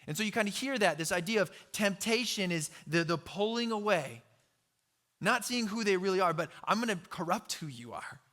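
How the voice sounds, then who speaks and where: Man, pastor, sermon, conversational, bright forward voice. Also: sits high, animated, normal speed. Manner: conversational storytelling with laughs and asides.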